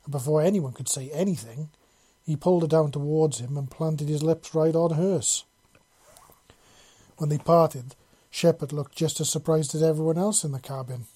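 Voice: mid-range voice, normal speed, mellow, slightly rough. A narrator reading a fan fiction story aloud in a casual way, correcting slips as they go. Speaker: audiobook narrator.

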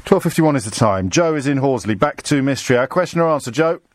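A middle-aged English man hosting a live radio phone-in from a studio, talking in a quick, sardonic, conversational way. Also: medium pitch, animated, no room sound. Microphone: studio microphone.

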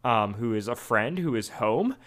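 Animated man chatting on a podcast. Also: mid-range voice, moderate pace. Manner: animated, rambling with restarts and quoted asides. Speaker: podcast co-host. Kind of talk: casual chat recapping a radio drama episode.

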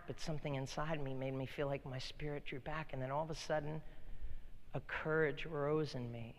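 A man pastor delivering a sermon, moving between loud emphatic bursts and quiet, intimate storytelling. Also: medium pitch. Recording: long hall reverb.

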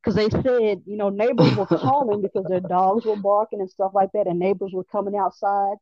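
A woman artist telling a personal story in a lively, casual way, acting out the quoted lines with big jumps in pitch. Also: fairly quick, no room sound, dull audio. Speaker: artist guest.

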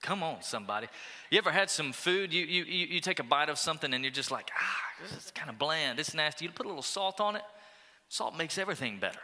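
A man preaching a sermon as pastor, energetic and urging, with call-and-response asides to the congregation. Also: fairly high pitch, quick pace, in a large hall. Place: church auditorium.

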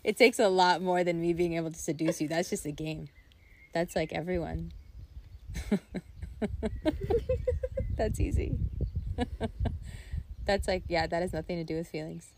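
A young adult woman chatting casually, telling stories in a rambling, animated way full of "like" and laughter. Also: fairly low pitch, a little slow, pauses often, a little hiss or hum. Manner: rambling, animated storytelling with frequent "like" and bursts of laughter. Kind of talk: casual chat.

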